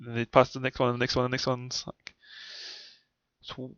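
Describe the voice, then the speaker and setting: A young man with a New Zealand accent vlogs childhood memories to camera, meandering, cursing often and drifting off mid-thought. He's monotone and brisk at medium pitch, his voice smooth and slightly bright, recorded dull, dry and lo-fi with no room sound.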